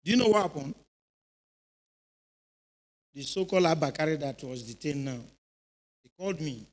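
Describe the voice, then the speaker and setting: Nigerian man in middle age, slightly high voice, animated storyteller, keeps asking the crowd if they follow. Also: moderate pace, poor audio. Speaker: retired police officer speaking at a youth event. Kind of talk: informal speech to a youth audience. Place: church hall.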